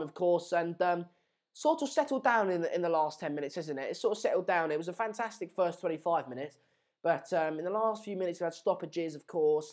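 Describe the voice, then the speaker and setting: A man's voice: sits high, a little mellow. A young man hosting a live football match stream, chatting casually and energetically in a rambling, self-mocking way.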